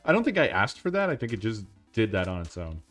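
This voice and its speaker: A man's voice: fairly low pitch, very animated, quick pace, a bit bright, faint music behind. A man streaming a game, chatting casually, laughing often, swearing and rambling. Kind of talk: casual gameplay stream chat.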